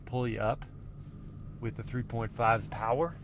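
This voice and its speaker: A man reviewing a pickup truck, casually explaining what he does as he drives it slowly along an off-road trail. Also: mid-range voice. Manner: relaxed, explanatory, thinking aloud. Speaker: car reviewer. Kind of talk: casual driving commentary. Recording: vehicle noise clearly heard. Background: engine and trail noise.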